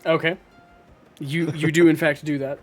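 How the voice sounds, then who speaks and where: A man's voice: on the high side, level tone, moderate pace, faint music behind. A man narrating as game master of a tabletop game, hesitant with many fillers.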